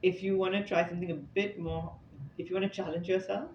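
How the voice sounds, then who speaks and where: Fast and with little pitch movement, a man whose voice sits high tells stories during an informal scripture talk, chatting conversationally and tossing in casual asides. He's addressing an audience in an indoor talk room, recorded with echo, a slightly dull sound, and faint noise.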